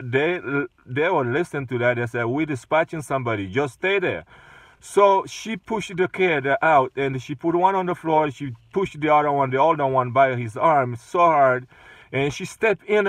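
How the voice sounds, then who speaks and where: A man's voice: on the high side, a bit bright, no room sound, recorded from a distance. Hesitant male rideshare driver recounting. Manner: hesitant, many fillers and restarts. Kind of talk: casual retelling of an incident.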